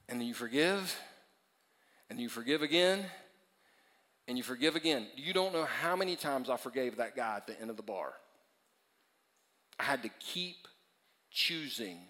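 Bright-voiced male pastor preaching. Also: fairly high pitch, in a large hall. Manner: emphatic repetition, swings between loud and hushed. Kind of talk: sermon. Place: church auditorium.

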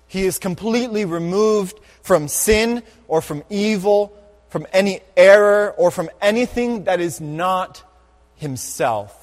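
Emphatic preacher in a reverberant hall. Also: male voice, sits high. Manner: emphatic, slows and repeats key phrases. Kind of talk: sermon.

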